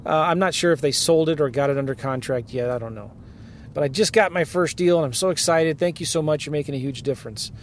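A man hosting a podcast from his car, ranting in an animated way and firing off rhetorical questions to his listeners. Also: fairly high pitch, quick pace, a little hiss or hum. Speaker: podcast host, real estate investing coach. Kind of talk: ranting monologue.

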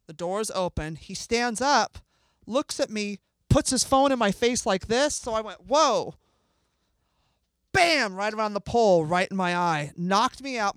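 A woman being interviewed as a guest, telling an emotional story in an animated way and acting out what people said. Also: medium pitch, clean tone, no room sound. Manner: animated, acts out dialogue, swears freely. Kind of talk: emotional first-person storytelling.

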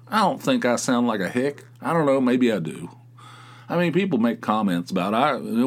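A man's voice: medium pitch, sing-song, a little fast. A man with a slight West Virginia accent, hosting a podcast in a rambling, wry, profane monologue. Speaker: podcast host. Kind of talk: casual monologue.

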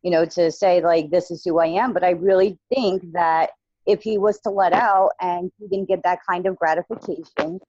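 A woman guest recounts something painful that happened to her, speaking haltingly and leaning on fillers. Her voice sits fairly low. The recording is dry with slightly muffled highs. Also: fairly even intonation, a little mellow, no echo. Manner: halting, many fillers like "you know" and "like". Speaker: guest sharing her own experience. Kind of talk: emotional personal account in conversation.

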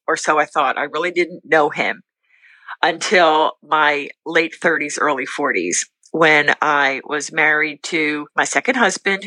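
Middle-aged woman guest, bright and forceful tone, earnest testimony, dry close sound. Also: low-pitched, no echo, low-quality recording. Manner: earnest, faith-filled, talks in quick bursts with restarts. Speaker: podcast guest. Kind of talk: candid personal testimony.

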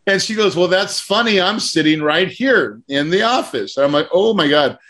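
A man coaching a class on real estate deals, telling a story with lively acted-out quotes. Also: sits high, moderate pace. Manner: animated storyteller, acts out quotes.

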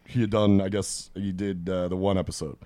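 Low-voiced guy on a podcast, telling a rowdy bar story, dead dry sound. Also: a little fast, dry recording. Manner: profane, animated anecdote-telling, acts out quoted people. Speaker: podcast host. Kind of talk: casual storytelling chat.

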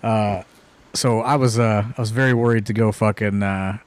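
A man's voice: lowish voice, steady tone, normal speed, smooth. A man in casual podcast chat, chiming in and swearing freely. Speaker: podcast co-host.

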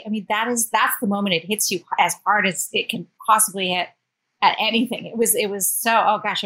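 A woman author, a guest on a talk show, tells her own story with open feeling. Her speech is expressive and lively. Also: mid-range voice, a little fast, poor audio. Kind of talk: interview storytelling.

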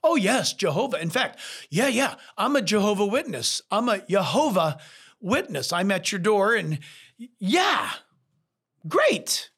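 An eager, agreeable doorstep visitor, as a pastor puts him on, his voice jumping high with bright assent. He answers quickly and keenly, pleased to agree. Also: very animated, husky, heavily acted. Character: eager male Jehovah's Witness at a doorstep.

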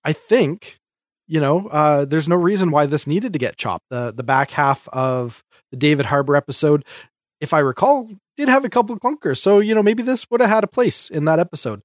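A man's voice: fairly high pitch, normal speed, dry recording. Chatty man reviewing sketches, dry sound. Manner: chatty, hesitant restarts, frequent laughs. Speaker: co-host reviewing comedy sketches. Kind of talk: casual podcast chat.

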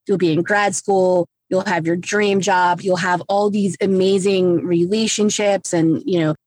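A woman's voice: lowish voice, fairly even intonation, measured pace, darkish tone, no echo. A woman, casually and frankly telling her own story, swearing and acting out what people said. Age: 30s. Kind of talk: candid personal storytelling.

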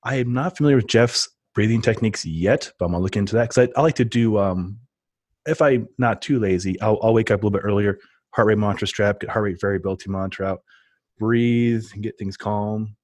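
A man's voice: on the low side, fairly quick, darkish tone, dry recording. A man telling stories with enthusiasm in a casual podcast chat. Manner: enthusiastic, rambling storyteller.

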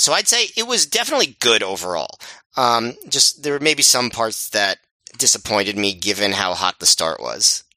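A man's voice: medium pitch, bright, forceful tone, no echo. A man with a New York accent, co-hosting a casual podcast chat and rambling with lots of fillers. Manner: rambling, many fillers and restarts. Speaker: podcast co-host.

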